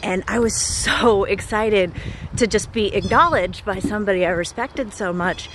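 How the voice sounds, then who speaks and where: A woman's voice: mid-range voice, normal speed, background noise. Breathless woman gushing on a walk. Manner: gushing and enthusiastic, laughs often. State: out of breath while walking. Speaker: vlogger. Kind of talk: casual vlog talk to camera. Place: outdoors on a walk.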